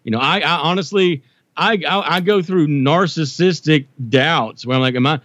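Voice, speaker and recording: A man poet telling stories as a guest, animated and self-deprecating, with many restarts. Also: fairly high pitch, moderate pace, no room sound, highs cut off. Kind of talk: casual chat.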